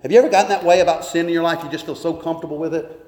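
A man's voice: on the high side, rapid-fire, darkish tone. A man, a pastor, preaching a sermon with earnest emphasis and pointed rhetorical questions. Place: church sanctuary. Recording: echoey long reverb of a church hall.

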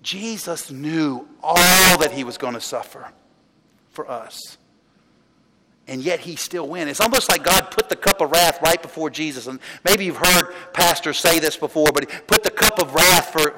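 Man, preaching, chatty storytelling, high voice, heavy background noise. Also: moderate pace. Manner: conversational, storytelling, with restarts and laughs. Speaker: pastor. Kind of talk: sermon. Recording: long hall reverb, loud background noise.

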